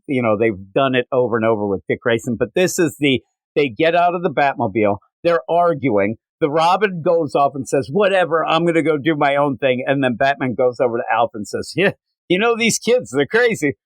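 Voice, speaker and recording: Animated man retelling comic scenes. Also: mid-range voice, a little fast, no room sound. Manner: animated retelling, acting out character lines. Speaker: podcast co-host. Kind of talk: casual comic book review chat.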